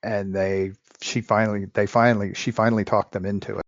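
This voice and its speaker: Low-voiced man, opinionated. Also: flat delivery, brisk, dry recording, muffled recording. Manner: opinionated, with frequent restarts. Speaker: podcast co-host. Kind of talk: casual film discussion.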